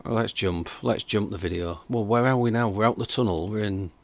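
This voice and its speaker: A man's voice: fairly low pitch, brisk. A man hosting a reaction stream, chatting casually and skeptically while reading out viewer comments. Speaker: reaction video host.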